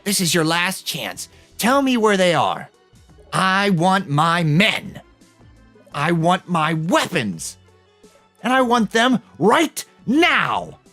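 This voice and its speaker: A woman voicing a cunning, swaggering female pirate captain villain in a low, taunting way during a game let's play. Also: big pitch swings, fairly bright tone, soft background music, exaggerated voice. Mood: demanding. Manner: low, menacing, drawn-out taunting.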